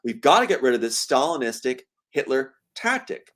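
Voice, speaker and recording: Animated man, lively pitch. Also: moderate pace. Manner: animated, emphatic storytelling. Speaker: guest. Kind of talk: conversational interview.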